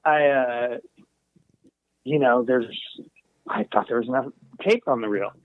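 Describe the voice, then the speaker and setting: A man's voice: medium pitch, unhurried, no room sound. Man, recording engineer guest, rambling casual anecdotes, tinny phone-like sound, dry. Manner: meandering, full of asides and trailing restarts. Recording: tinny phone-like call line.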